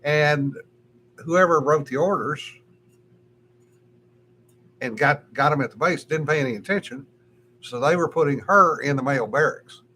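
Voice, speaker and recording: A man's voice: on the high side, normal speed, long pauses, sharp tone, slight background noise. An older man co-hosting a casual podcast, telling rambling stories and chuckling often. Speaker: podcast co-host. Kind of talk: casual chat.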